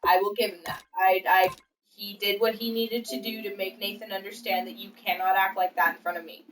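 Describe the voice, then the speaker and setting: A woman's voice: mid-range voice, little pitch movement, fairly quick, far from the mic, rough recording. Woman streamer, blunt and profane storyteller, sits back from the mic with faint hiss underneath. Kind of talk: casual chat. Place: home.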